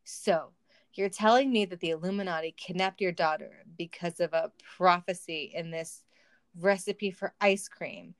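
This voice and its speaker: A woman's voice: on the low side, moderate pace, dry recording. A woman reading a silly story aloud for comedy, with wry asides and laughter. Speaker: reader of a fan story.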